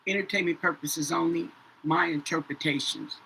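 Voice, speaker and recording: Woman, tarot reader, bright voice, faint room hum. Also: deep voice, steady tone, moderate pace, creaky, poor audio. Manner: says "okay?" after nearly every phrase, repeats herself. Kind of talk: casual tarot reading to viewers.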